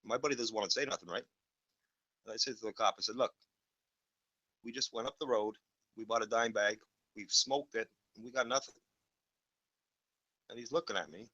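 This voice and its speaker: Guy telling a story, swears a lot, bright tense voice, dry close sound. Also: fairly low pitch, fairly quick, pauses often, dry recording, highs cut off. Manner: blunt, swears freely. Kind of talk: casual storytelling chat.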